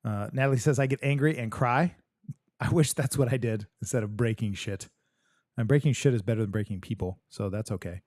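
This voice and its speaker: A man with a mid-range, somewhat dark voice talks a little fast on a dry, clean studio recording. Hosting a live podcast stream, he reads viewer comments aloud and answers them bluntly, jokingly and with profanity, speaking straight to his audience in casual livestream chat.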